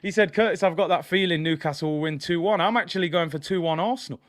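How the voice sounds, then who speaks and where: A young man hosting a live football watch-along, chatting excitedly to viewers in slang. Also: on the high side, quick pace, no room sound, studio quality. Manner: excitable, slang-heavy, addresses viewers directly. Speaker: football fan channel host.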